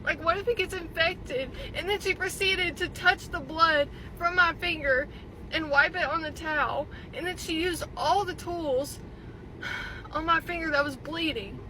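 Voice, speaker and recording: A woman's voice: very high-pitched, pushed and bright, a little hiss or hum, rough recording. Upset young woman venting in a car. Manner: upset, indignant, fast filler-heavy talk. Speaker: TikTok poster recounting a salon visit. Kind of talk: venting selfie video.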